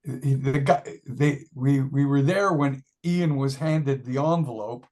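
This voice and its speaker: A man's voice: medium pitch, a little slow, darkish tone. An older man, a musician being interviewed, telling a rambling story and often laughing and acting out what people said. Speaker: musician guest.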